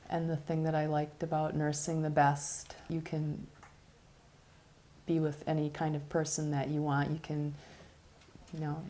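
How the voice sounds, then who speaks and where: Low-voiced woman, candid and reflective. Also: a little mellow. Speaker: nursing student. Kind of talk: documentary interview.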